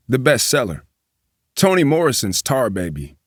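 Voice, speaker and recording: Guy reading a magazine feature out loud, steady and even, dry close sound. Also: medium pitch, moderate pace, no echo. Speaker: news reader. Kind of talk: reading a magazine profile aloud.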